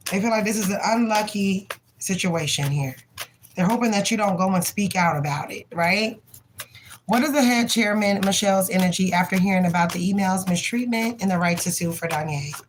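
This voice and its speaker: A woman's voice: mid-range voice, slight background noise, poor audio. A young woman giving a live tarot reading, reading card names aloud in a blunt, profane, chatty way. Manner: laughs often and voices the people in the cards. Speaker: tarot reader.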